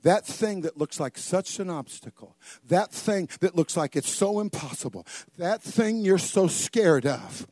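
Older man preaching with loud bursts. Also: high voice, unhurried, no echo. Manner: animated, joking, acts out voices with sudden loud bursts. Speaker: pastor. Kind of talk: sermon.

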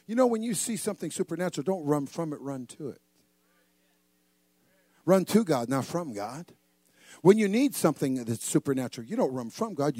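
Older male preacher, lively and humorous, fairly high voice, dry recording. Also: dry recording. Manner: animated, joking, acts out voices with sudden loud bursts. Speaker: pastor. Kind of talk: sermon.

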